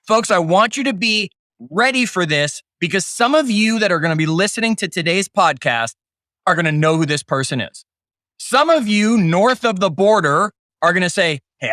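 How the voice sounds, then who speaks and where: A man's voice: a little high, a bit bright, dry recording, clean studio sound. A middle-aged man hosting a podcast, opening the show with a hyped, jokey delivery and then interviewing his guest. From Canada. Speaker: podcast host. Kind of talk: upbeat podcast intro and interview.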